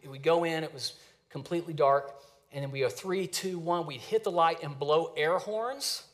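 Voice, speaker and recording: A man in his thirties preaching a sermon in a conversational, storytelling way with lively asides. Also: a little high. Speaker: pastor.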